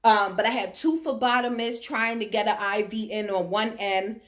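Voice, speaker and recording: A woman's voice: mid-range voice, fairly even intonation, normal speed, fairly bright tone. A middle-aged woman telling a personal story to her audience, emphatic and often checking in with her listeners. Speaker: vlogger sharing her diagnosis story.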